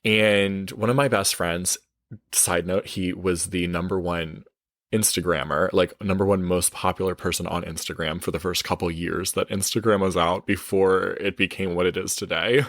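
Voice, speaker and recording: A man working as a life coach, telling a story in a chatty, expressive way, swearing now and then and correcting himself mid-sentence. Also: sits low, moderate pace, dry recording, studio quality. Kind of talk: casual storytelling monologue.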